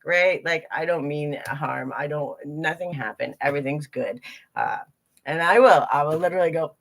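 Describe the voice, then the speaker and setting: Woman teacher, lowish voice, animated live talk to a group, casual and candid. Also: moderate pace. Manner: animated, acts out inner voices.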